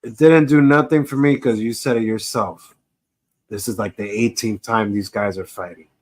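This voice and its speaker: A man's voice: fairly low pitch, steady tone, moderate pace. A man co-hosting a casual wrestling podcast, giving blunt, opinionated takes with plenty of swearing. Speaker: podcast co-host.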